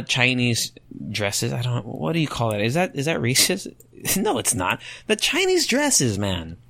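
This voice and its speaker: A young man hosting a solo podcast, thinking out loud and rambling through rhetorical questions as he reads online comments. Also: mid-range voice, dry recording. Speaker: podcast host.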